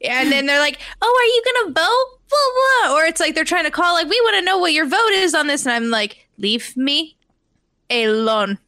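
A woman's voice: high-pitched, animated, normal speed, bright, forceful tone, dry recording, studio quality. A young woman co-hosting a podcast, telling exasperated stories and swearing freely in casual chat. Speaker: podcast co-host.

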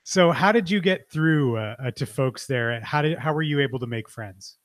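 A man's voice: medium pitch, moderate pace, no room sound. Curious Canadian man interviewing, dry sound. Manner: relaxed, curious, hesitant restarts. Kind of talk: casual conversational interview.

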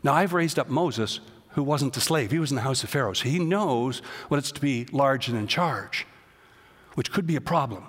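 A man preaching a sermon with an American accent, reading scripture with rising, loud emphasis. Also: on the high side, sing-song, brisk. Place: church sanctuary. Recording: long church reverb.

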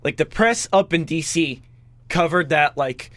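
A young man from Washington, D.C., co-hosting a casual political chat, talking quickly with lots of "like" fillers. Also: fairly high pitch, no room sound. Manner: quick, animated, full of "like" fillers. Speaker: podcast co-host.

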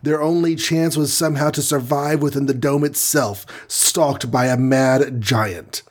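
A man with a husky, mid-pitched voice narrating an action storybook. His reading is vivid and dramatic, leaning into each scene. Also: steady tone, a little slow.

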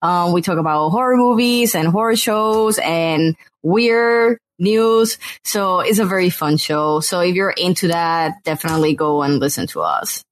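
A woman's voice: fairly low pitch, a little slow, few pauses. A woman guest on a casual podcast interview who talks in an effusive, gushing way and laughs often.

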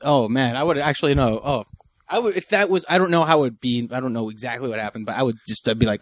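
A man's voice: medium pitch, no echo. A man co-hosting a casual podcast chat, jumping in with blunt jokes and questions. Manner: quick, jokey interjections, blunt. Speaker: podcast co-host.

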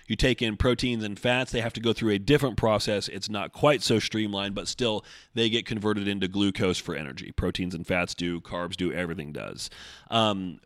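A man with a lowish, steady, fairly bright voice speaks at a moderate pace through a desk microphone, with clean studio sound and no room sound. Hosting a solo fitness podcast from his home desk, he explains things conversationally, using a traffic-cop analogy, and flares into mild swearing when annoyed.

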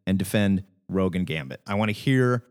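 Man, podcast co-host, casual call-in chat, opinionated, animated pitch. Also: brisk, clear, resonant tone. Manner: opinionated, laughing rants.

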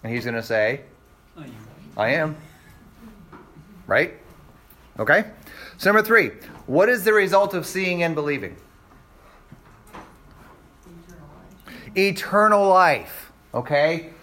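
A man's voice: fairly high pitch, big pitch swings, unhurried, pauses often, pushed and bright. A man teaching a Bible class, quizzing his students with rhetorical questions and acting out quoted exchanges. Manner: acts out voices in quoted exchanges.

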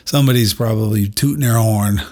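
Middle-aged male podcast host, husky voice, candid and self-deprecating storyteller who talks straight to his listeners. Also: on the low side, brisk, darkish tone. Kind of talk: personal storytelling monologue.

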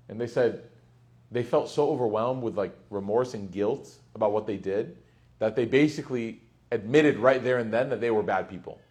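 A man giving a conversational lecture on Quranic commentary, animated and chatty with playful asides. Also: mid-range voice, a little fast. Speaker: Islamic teacher.

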